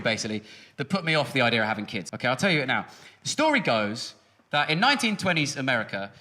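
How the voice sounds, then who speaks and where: A man, performing a sarcastic, punchy stand-up comedy set on the stage of a large music hall. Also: medium pitch. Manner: animated, sarcastic, punchy delivery with shouted bits. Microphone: stage microphone.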